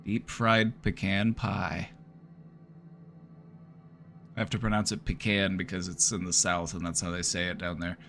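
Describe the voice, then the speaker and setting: A man's voice: low voice, fairly even intonation, fast, few pauses, fairly bright tone, slight background noise. A man streaming live, giving casual joking commentary with wry running reactions. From United States.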